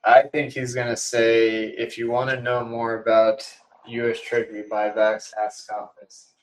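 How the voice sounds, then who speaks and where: A man's voice: mid-range voice, little pitch movement, normal speed, a little hiss or hum, low-quality recording. A man speaking as a guest on a live audio panel, dry and hedging as he weighs what might be said. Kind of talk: casual market discussion. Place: remote live audio room.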